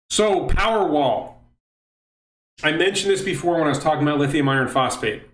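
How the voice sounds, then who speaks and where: A man's voice: mid-range voice, fairly bright tone. Middle-aged guy rambling on a livestream, answers chat, keeps restarting sentences, roomy echo. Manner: rambling, self-interrupting, reads chat questions aloud. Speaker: livestream host. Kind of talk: casual livestream talk answering chat questions.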